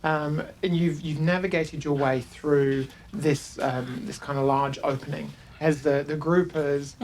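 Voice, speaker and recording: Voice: medium pitch, steady tone, measured pace, darkish tone. A game master with a New Zealand accent narrating a tabletop game, hesitant and full of ums and restarts.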